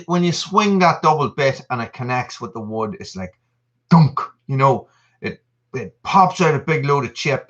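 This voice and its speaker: Guy in his 30s rambling on a live stream, bright punchy voice, kinda muffled lo-fi sound. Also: mid-range voice. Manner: rambling and chatty, reading out viewer messages. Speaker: channel host. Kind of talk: casual live-stream chat. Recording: dull lo-fi stream audio.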